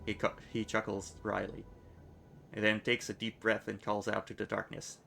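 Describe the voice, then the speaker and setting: A bright-voiced man reads a video game's narration aloud on a live stream, keeping a steady pace and breaking off for casual asides. Faint music plays behind him. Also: lowish voice, normal speed, gravelly. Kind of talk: reading game dialogue aloud on stream.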